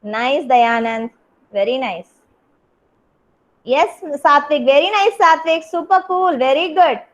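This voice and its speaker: A woman's voice: sits high, takes it slowly, poor audio. A young woman with an Indian English accent, teaching a kindergarten craft class over a video call and praising each child by name. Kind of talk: online class instruction.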